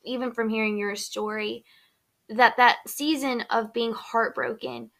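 Bright, chatty young woman host. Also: a little high, fairly even intonation, unhurried, creaky. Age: young adult. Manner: chatty, heavy use of "like", upbeat. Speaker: podcast host. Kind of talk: casual faith chat.

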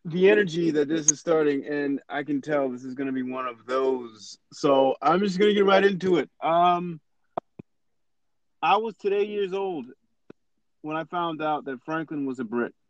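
A man's voice: a little high, moderate pace. Joking man in a casual podcast. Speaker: podcast co-host. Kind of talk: casual chat.

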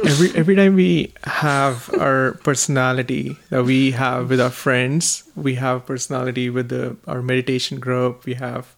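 A man's voice: medium pitch, flat delivery, moderate pace, vocal fry, hardly any pauses. A man talking earnestly in a casual conversation. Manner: earnest, agreeing often.

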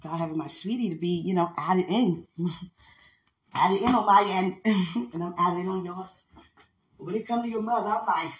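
Playful, husky-voiced woman chatting on her phone. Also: on the low side, moderate pace, pauses often, fairly bright tone. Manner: playful, chatty, teasing, laughs often. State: a little out of breath. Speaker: podcast host. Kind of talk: casual phone chat while getting ready.

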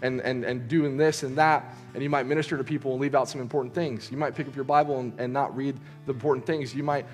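Faint soft music runs beneath a young youth preacher who tells a story in a casual sermon, loose and conversational, packed with fillers and quick restarts. His pitch is ordinary and middle, his tone steady.

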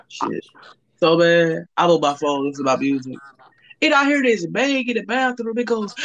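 Young guy rambling thru a story, cussing a lot, kinda high voice. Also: big pitch swings, normal speed, a bit bright, dull audio. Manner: profane, rambling storytelling with lots of fillers. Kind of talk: casual chat on a call.

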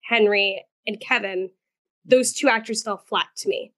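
A woman's voice: medium pitch, a little slow, a bit bright. A woman on a podcast giving a casual, hesitant critique of actors in a stage production. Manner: hesitant, hedging. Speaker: theatre reviewer. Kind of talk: casual podcast review chat.

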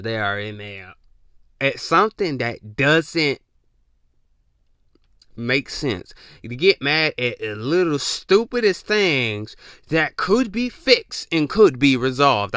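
A man's voice: mid-range voice, lively intonation, unhurried, pushed and bright, no echo, clean studio sound. A young man hosting a podcast, talking in a loose, rambling casual monologue full of slang and emphatic repeats. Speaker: podcast host.

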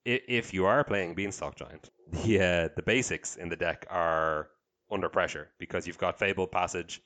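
A man in a casual card-game strategy chat, thinking aloud in a measured way with small hesitations. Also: low voice, fairly bright tone.

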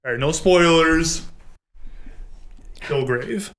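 A man's voice: fairly high pitch, slow, fairly bright tone. A young man co-hosting a podcast in casual chat, playful and teasing. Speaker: podcast co-host.

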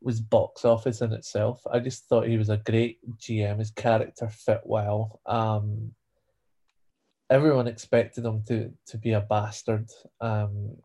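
A man's voice: on the low side, level tone, a little slow, warm tone. A man co-hosting a casual wrestling podcast, opinionated and jokingly self-important. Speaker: podcast co-host.

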